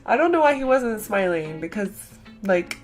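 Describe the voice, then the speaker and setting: Chatty excitable young woman vlogger. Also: mid-range voice, normal speed, soft background music. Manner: chatty and excitable, many fillers and acted-out quotes. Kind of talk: casual storytelling vlog.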